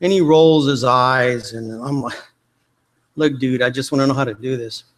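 A man's voice: mid-range voice, moderate pace. A man from Texas, an athletic trainer telling self-deprecating, joking stories in a conference lecture. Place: lecture hall.

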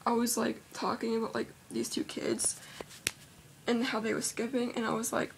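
A woman's voice: a little high, completely flat delivery, moderate pace, gravelly, slight background noise. A seventeen-year-old girl chatting casually in a vlog, rambling and filling her speech with "like", sounding worried and unsure. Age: teens. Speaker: vlogger.

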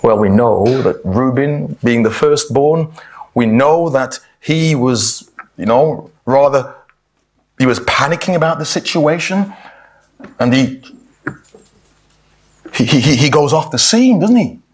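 A man's voice: medium pitch, animated, slow, pauses often, husky. A man giving a sermon-style Bible talk, addressing the congregation as brothers and sisters and reading scripture aloud, often restarting his words.

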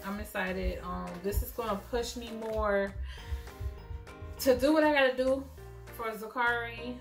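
A fairly high-pitched young woman vlogs from home in her pajamas, chatty and excitable and calling her viewers y'all. Her voice bounces around a roomy, echoing space while music plays clearly in the background. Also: measured pace. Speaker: vlogger. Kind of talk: casual unboxing vlog. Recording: echoey room with loud music behind.

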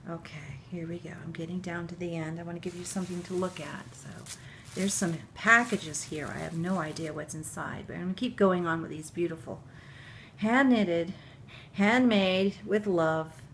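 A middle-aged woman unboxing handmade baby clothes for her video channel, gushing and tearful, often dropping to a breathy whisper. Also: on the low side, normal speed, slight background noise. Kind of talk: emotional unboxing chat to camera.

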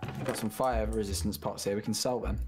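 A young man streaming a game, trading dry deadpan quips in a put-on bloke voice. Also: fairly low pitch, brisk, soft background music. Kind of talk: comic gaming banter in character.

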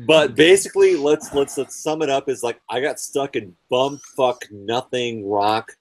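A man's voice: mid-range voice, unhurried, poor audio. A man hosting a casual podcast, bantering crudely with his co-hosts, cursing and joking. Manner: profane, joking, animated. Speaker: podcast host.

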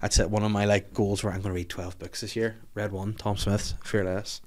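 Guy in his 30s yapping fast on a podcast, low voice, swears a lot, keeps restarting. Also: little pitch movement, a crowd in the background. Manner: sweary, jokey, rambling with restarts. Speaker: podcast host. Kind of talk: casual podcast chat.

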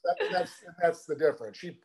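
Brief: male co-host, relaxed storyteller who tends to ramble. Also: on the high side, fairly quick. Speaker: podcast co-host. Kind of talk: casual chat.

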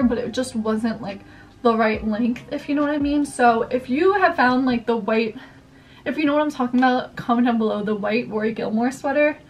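A young woman with a fairly high voice talks casually and rambles, using "like" constantly as she shows off her purchases. She sits a bit back from the mic, and soft music plays quietly under her voice. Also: far from the mic. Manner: chatty, rambling, heavy use of "like". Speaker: vlogger. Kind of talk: casual haul vlog chat. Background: faint background music.

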